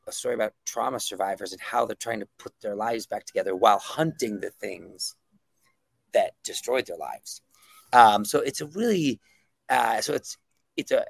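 A man's voice: medium pitch, creaky, husky, no room sound. A man being interviewed as a comic book writer, talking enthusiastically and rambling with many fillers. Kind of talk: casual interview talk.

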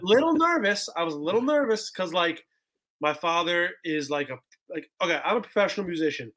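A young man in his twenties with a high, bright voice. He chats excitably as a podcast guest and scatters "bro" and "like" everywhere. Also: a little fast. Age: 20s. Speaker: guest musician. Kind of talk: casual podcast chat.

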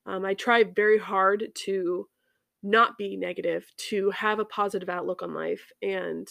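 A woman hosting a faith podcast, talking earnestly and haltingly with many ums and restarts, emotional and near tears. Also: mid-range voice, steady tone, gravelly, a bit bright, dry recording, studio quality. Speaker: podcast host. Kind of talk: personal faith reflection.

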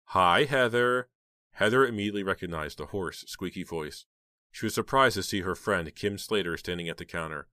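A man narrating a horror novel as an audiobook in a steady, even storytelling manner. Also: sits low, brisk, dry recording, studio quality.

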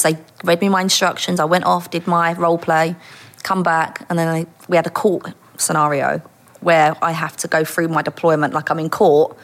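A middle-aged woman, a former undercover officer telling stories in a casual interview, animated and laughing as she acts out voices. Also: on the low side.

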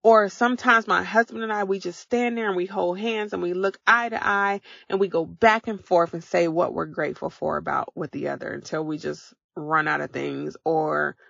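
A woman's voice: lowish voice, fairly even intonation, normal speed, creaky, few pauses, fairly bright tone, no echo, dull audio. A woman hosting a motivational podcast, talking casually and encouraging her listeners step by step. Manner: encouraging, coaching listeners directly. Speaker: podcast host.

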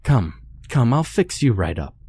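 A man's voice: mid-range voice, very animated, unhurried, a little mellow, slightly rough, pitched above the performer's own voice, exaggerated voice. A man voicing a monstrous giant wife in a horror story, sweet and falsely caring. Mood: eerie sweet.

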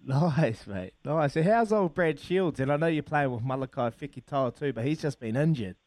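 A man's voice: fairly high pitch, lively intonation, normal speed, darkish tone, dry recording. A man interviewing a rugby player, asking long, loosely worded questions and calling him mate. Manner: long rambling questions, calls the guest mate. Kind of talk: casual interview chat.

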